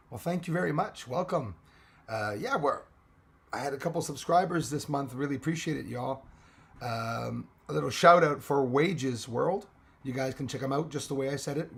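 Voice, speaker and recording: A man hosting a casual live stream chat, hoarse and losing his voice, greeting viewers by name. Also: medium pitch.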